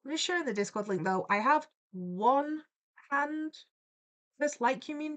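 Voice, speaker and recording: A woman's voice: high voice, expressive, normal speed. A young woman chatting casually on a live stream, greeting viewers by name in a playful, giggly way. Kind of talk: casual live-stream chat while drawing.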